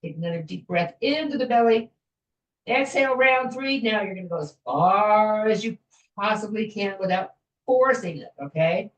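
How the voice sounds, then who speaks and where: Gentle woman leading a stretching class. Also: mid-range voice, normal speed, recorded from a distance, muffled recording. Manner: gentle, chatty, self-joking with little laughs. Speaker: fitness instructor. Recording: echoey room, voice from afar.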